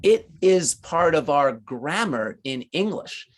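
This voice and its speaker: Very slow, patient male math teacher. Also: a little high, sing-song. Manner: patient, slow and encouraging with children. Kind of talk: online class teaching.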